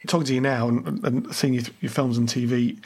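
A man's voice: medium pitch, steady tone, a little fast, darkish tone, husky. A man interviewing a guest, asking friendly, rambling questions.

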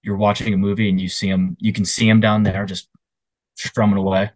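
A man's voice: fairly low pitch, brisk, no echo. A young man co-hosting a casual podcast, telling stories with animation and acting out other people's voices. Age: young adult. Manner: animated storyteller, puts on voices. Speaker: podcast co-host. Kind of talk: casual chat.

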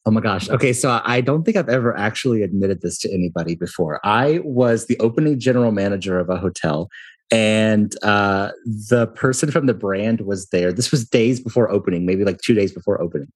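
Breathy-voiced man telling stories. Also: on the low side, fairly quick. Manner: animated, self-deprecating, laughs often. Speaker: hotel company founder, guest. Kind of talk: casual interview storytelling.

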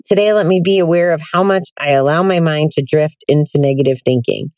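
A woman's voice: low-pitched, fairly quick, darkish tone, no echo. A tired woman hosting a casual self-help podcast from her car, chatty and candid, with plenty of ums and likes. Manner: chatty, candid, with many fillers. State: tired, yawning. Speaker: podcast host. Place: sitting in a hot car.

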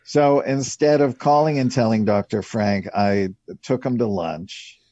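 A man's voice: mid-range voice, a little slow, mellow, no echo. A man in his sixties, a casting director telling rambling stories in a casual interview, with many fillers. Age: 60s. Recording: dull lo-fi, dry.

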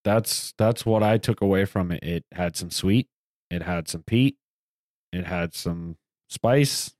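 A man's voice: low voice, takes it slowly, a little mellow, dry recording, clean studio sound. A man from the American South co-hosting a casual podcast, blunt and joking. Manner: blunt, joking, profane banter. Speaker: podcast co-host. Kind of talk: casual chat.

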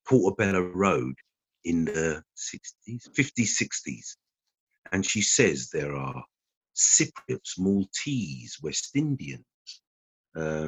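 A man's voice: very deep voice, breathy edge, no echo. A man rambling through casual chat and acting out quotes as he tells stories. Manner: animated storyteller acting out quotes. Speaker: guest. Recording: dull lo-fi podcast recording.

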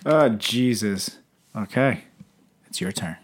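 A co-host on a casual podcast teases and goads the other host in an animated way. The voice sits in an ordinary middle register. It swoops up and down with a very lively pitch. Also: takes it slowly. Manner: teasing, pushy and animated.

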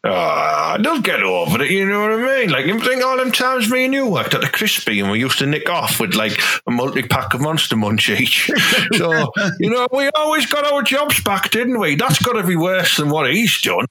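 A man, playing the dry foil in improvised comic banter, firing quips and quick questions. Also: on the high side, wildly swooping pitch, bright, forceful tone, breathy edge.

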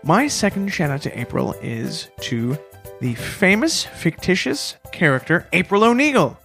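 A man co-hosting a comedy podcast, delivering mock-earnest tributes with deadpan timing in casual banter. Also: high voice, a little slow, gravelly, soft background music. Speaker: podcast co-host.

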